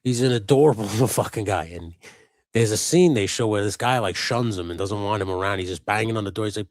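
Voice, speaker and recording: A man's voice: on the low side, fast, a little mellow, no room sound. A man co-hosting a live stream, chatting casually and loosely, swearing often and wandering between topics. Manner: loose and rambling, swears a lot. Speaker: co-host of a live customizing stream. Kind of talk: casual chat.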